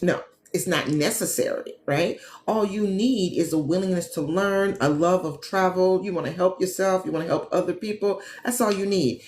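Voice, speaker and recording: A woman from the American Midwest who hosts a live travel talk show, chatting casually and warmly addressing her viewers as a travel agent and business coach. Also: lowish voice, normal speed, slight background noise. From Gary, Indiana, USA. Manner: chatty, animated, talks straight to viewers as "y'all". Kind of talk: casual livestream chat with viewers. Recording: echoey room with faint ambience.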